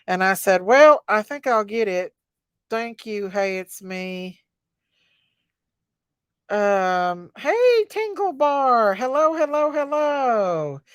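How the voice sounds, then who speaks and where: Lady livestreaming, folksy, kinda high voice, dry close sound. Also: big pitch swings, smooth, no room sound. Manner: folksy, greets viewers by name, slow drawl. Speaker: livestream host. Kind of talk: casual livestream chat.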